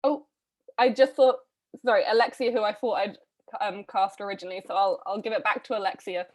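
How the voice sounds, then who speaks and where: A woman hosting a live online read-through, casting roles in a chatty, brisk way with frequent ums, heard over a video call. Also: medium pitch, steady tone. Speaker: read-a-thon host casting readers.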